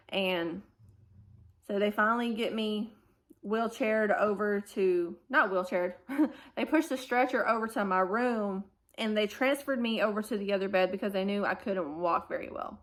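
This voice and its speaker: A woman, telling a family vlog storytime and acting out the people in it. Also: mid-range voice. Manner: animated retelling, acting out quoted dialogue. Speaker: family vlogger. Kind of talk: storytime recounting a hospital stay.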